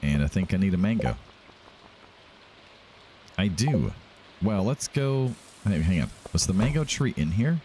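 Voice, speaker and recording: Deep-voiced, animated gaming host. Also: male voice, measured pace, long pauses, a little hiss or hum. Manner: chatty, animated, thinking aloud. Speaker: let's play host. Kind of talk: casual gameplay commentary. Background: game music.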